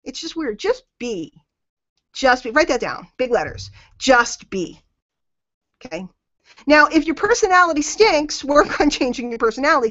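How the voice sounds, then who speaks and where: Female motivational coach, emphatic and repetitive, slightly high voice, dull dry lo-fi call audio. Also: a bit bright, no echo. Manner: emphatic, repeats key phrases. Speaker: network marketing coach.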